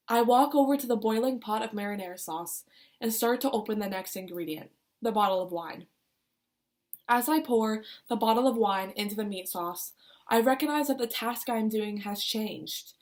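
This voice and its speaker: A young woman reading her own personal essay aloud, putting feeling into her quoted lines. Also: mid-range voice. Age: young adult. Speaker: student reader.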